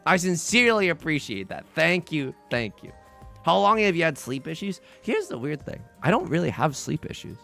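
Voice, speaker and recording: A man's voice: fairly high pitch, moderate pace, gravelly, soft background music. A young man hosting a game livestream, rambling casually with lots of fillers and self-deprecating jokes. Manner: jokey and animated, then subdued and tearful. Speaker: livestream host. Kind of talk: casual stream chat while gaming.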